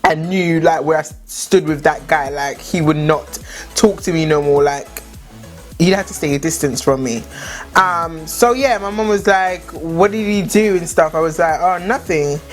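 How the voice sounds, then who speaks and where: A woman's voice: deep voice, normal speed, soft background music. A young woman telling a story in a chatty way, many "like" fillers. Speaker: vlogger. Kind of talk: casual storytime chat.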